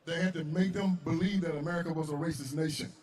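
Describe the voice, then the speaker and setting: Male panelist, slightly high, preacherly fervor, live crowd. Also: steady tone, quick pace. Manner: impassioned, preacherly build-up. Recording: live stage with loud crowd.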